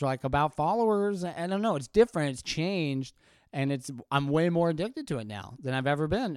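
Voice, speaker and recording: A man's voice: on the high side, a little mellow, clean tone, dry recording, clean studio sound. A man hosting a podcast, ranting casually with lots of swearing and short laughs. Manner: profane, sardonic rant with frequent laughs. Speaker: podcast host and stand-up comedian.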